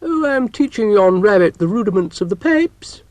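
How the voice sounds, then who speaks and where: A man's voice: sits high, very animated, normal speed, darkish tone, dry recording, pitched above the performer's own voice. A man voicing a grumpy, sarcastic male dog with a Scottish accent, in an old children's storybook show. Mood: grumbling.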